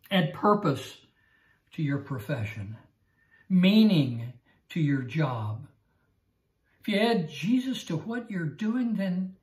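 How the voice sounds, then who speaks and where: A man teaching a Bible lesson in an earnest way, often stammering and repeating himself. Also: a little high. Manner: earnest, repetitive, stammering restarts. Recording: roomy echo.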